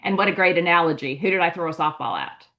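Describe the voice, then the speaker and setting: A woman's voice: on the low side, fast talker, fairly bright tone. Enthusiastic affirming woman podcast host. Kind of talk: casual interview chat.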